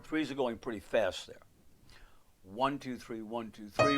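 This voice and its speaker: A man's voice: mid-range voice, unhurried. Man counting rhythms at the piano. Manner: counts and sings rhythms aloud while playing, rambling asides. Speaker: piano teacher. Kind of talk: live online music lesson.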